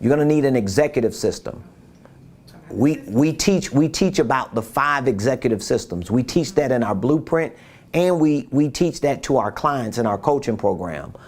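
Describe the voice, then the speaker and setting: A man's voice: mid-range voice, expressive, normal speed. A man giving a business coaching talk, emphatic and repeating his key points, who acts out quotes in different voices.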